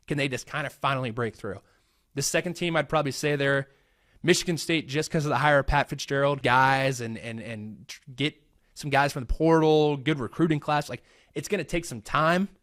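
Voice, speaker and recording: A young American man chats loosely and rambles through his answers, circling back with fillers and restarts. His voice sits at an ordinary middle pitch, and the recording is dry and close with no room sound. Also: moderate pace, fairly bright tone, dry recording. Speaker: host. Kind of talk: casual Q&A vlog.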